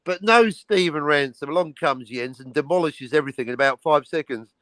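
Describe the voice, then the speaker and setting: A man's voice: fairly high pitch, brisk, a bit bright, no room sound, poor audio. A man hosting a casual livestream, rambling and joking, swearing often as he talks about his comic. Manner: rambling, jokey, swears a lot. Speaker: livestream host and comic creator.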